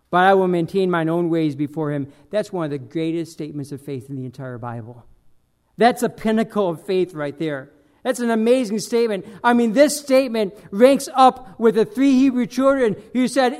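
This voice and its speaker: A man with an unusually high-pitched voice delivers an expository sermon. He leans hard into the scripture, acting out each verse with emphasis, and his flow is full of "uh" fillers and repeats. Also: normal speed. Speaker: preacher.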